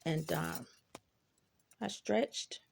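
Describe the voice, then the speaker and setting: A woman's voice: low voice, extremely slow, vocal fry, darkish tone, a little hiss or hum. A woman telling personal stories in a laid-back, rambling way, swearing freely and adding asides. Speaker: vlogger. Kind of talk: casual storytelling.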